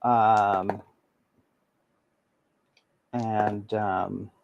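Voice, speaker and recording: A man narrating a tabletop game as game master, halting and full of ums. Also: lowish voice, level tone, creaky, highs cut off, a little hiss or hum.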